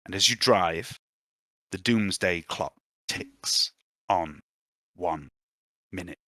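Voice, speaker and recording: A man's voice: low voice, slow pace, sharp tone, dry recording, studio quality. A man narrating a tabletop game as game master, in an ominous, theatrical storytelling manner.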